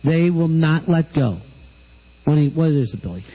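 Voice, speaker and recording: A man's voice: fairly high pitch, lively intonation, moderate pace. A man hosting a radio show, telling wry stories in casual banter and acting out the people he talks about. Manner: wry storytelling, acts out callers. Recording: dull lo-fi radio broadcast.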